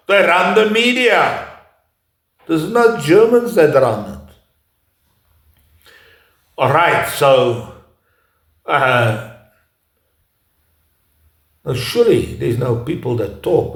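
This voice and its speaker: Halting man speaking in an echoey room. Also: fairly high pitch. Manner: halting, with frequent "uh" pauses and restarts. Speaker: speaker giving a talk. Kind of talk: unscripted lecture.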